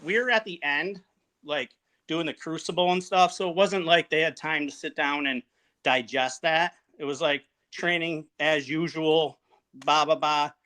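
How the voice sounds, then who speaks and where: A man's voice: a little high, steady tone, bright, forceful tone. Plainspoken man from upstate New York. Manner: halting, plainspoken, many fillers and restarts. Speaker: guest, Marine veteran. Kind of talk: casual interview storytelling.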